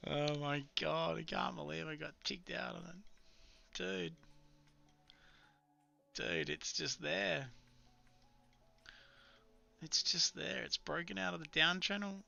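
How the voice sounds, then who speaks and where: A man's voice: a little high, a little slow, vocal fry, long pauses, bright, forceful tone, dull audio, faint music behind. A man chatting casually through a live trading stream, muttering to himself about his charts. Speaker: live-streaming futures trader.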